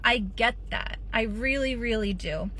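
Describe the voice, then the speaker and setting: Brief: woman in her 30s, bright and forceful, a little high, blunt and profane host voice. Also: a little slow, slight background noise. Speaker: podcast host. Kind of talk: candid personal monologue.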